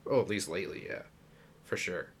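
A man's voice: low voice, animated, a little fast, fairly bright tone, slight background noise. A man co-hosting a podcast, chatting casually about sports, rambling and laughing often. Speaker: podcast co-host.

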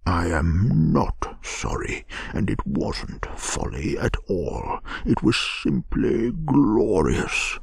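A man voicing an impulsive, boastful male toad who speaks excitably, in a whispered bedtime story. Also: fairly low pitch, slow, vocal fry, few pauses, husky, dry recording, full character voice. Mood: defiant. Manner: excitable, pleading.

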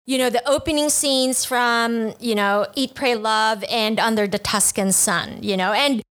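A woman co-hosts a relaxed podcast, chatty and quick to laugh. Her voice sits a little high, and her talk wanders through asides and fillers. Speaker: podcast co-host. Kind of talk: casual podcast chat.

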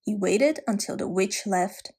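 A woman telling a fairy tale gently, with asides to the listener. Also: mid-range voice, unhurried, vocal fry, breathy edge. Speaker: storyteller.

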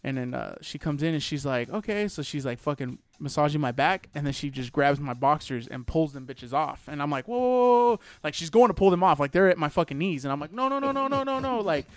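High-voiced profane storytelling guy. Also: brisk, few pauses, no echo. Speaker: podcast host telling a story. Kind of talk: casual chat.

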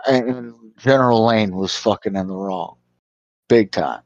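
A man chatting on a podcast, animated, retelling scenes and swearing a lot. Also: on the low side, measured pace, no room sound, highs cut off. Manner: animated storyteller, swears a lot, acts out characters' lines. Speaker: podcast co-host. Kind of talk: casual review chat.

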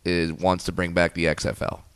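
Smooth-voiced man hosting a podcast. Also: sits low, monotone, brisk, fairly bright tone. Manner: easygoing, asks questions. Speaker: podcast co-host. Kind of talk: casual interview chat.

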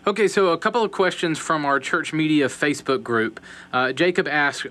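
A man hosting a podcast, reading out listener questions in a relaxed, casual way. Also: fairly high pitch, normal speed. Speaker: podcast host.

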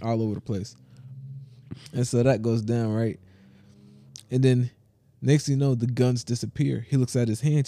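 Close to the mic and loaded with fillers, this male co-host spins animated, slangy stories in a relaxed podcast chat. He talks at normal speed in a medium pitch, leaving long pauses.

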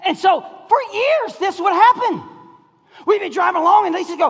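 High-pitched gravelly preacher, echoing hall. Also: male voice, normal speed. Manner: storytelling, animated, often laughing and shouting. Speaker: pastor. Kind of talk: sermon. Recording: long hall reverb.

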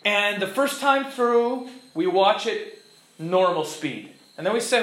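A man teaching a class in a lively, illustrative way, acting out quotes and examples as he explains. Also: sits high, slow pace. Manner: animated, illustrative, acts out quotes. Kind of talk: classroom lecture. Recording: echoey room with faint background noise.

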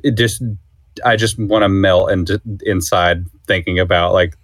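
Deep-ish guy on a podcast, swears a lot, rambles about movies, dry close mic. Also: moderate pace, dry recording. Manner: excitable, swears casually, rambling. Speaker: podcast co-host. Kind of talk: casual film discussion.

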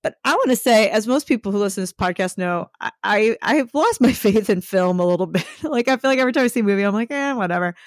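A woman's voice: medium pitch, expressive, fast, few pauses, no echo, studio quality. Chatty woman podcast co-host. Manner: chatty, lots of "like" fillers. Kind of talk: casual chat.

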